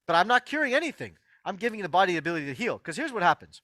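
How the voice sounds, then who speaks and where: The host of an online healing workshop, a man with a high, bright voice, delivers an emphatic motivational health lecture at a racing, very animated pace. His pitch swoops up and down as he repeats key phrases and addresses listeners directly, recorded close and dry with no echo.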